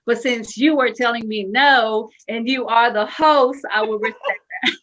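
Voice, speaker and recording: A young woman with a fairly high voice speaks as a guest on a live show. She talks earnestly and from the heart. Her sentences are loose and full of "you know". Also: unhurried, a bit bright, lo-fi sound. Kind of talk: casual live-show chat.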